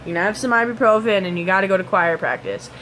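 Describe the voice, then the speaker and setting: A brisk, no-nonsense mother who brushes off complaints with blunt orders, as a woman vlogger quotes her. The voice drops a little lower than the teller's own and stays flat and impatient. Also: slight background noise, natural voice. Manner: blunt and dismissive.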